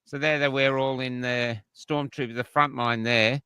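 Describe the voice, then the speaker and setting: Bright-voiced Australian man, rambling. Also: mid-range voice, steady tone, moderate pace, smooth, dry recording. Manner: rambling, opinionated, restarts often. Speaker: livestream host. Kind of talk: casual panel chat.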